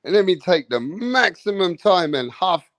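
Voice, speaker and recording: A man's voice: high voice, big pitch swings, moderate pace, a bit bright, no room sound, heavily acted. A man voicing an exhausted male boxer who defiantly stalls for rest in a drawling voice.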